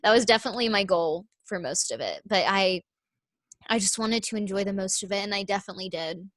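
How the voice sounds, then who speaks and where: A young woman chatting as a guest about her stage work, excited and full of fillers, in a small room on a video call. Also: mid-range voice, quick pace, no echo. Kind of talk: casual chat.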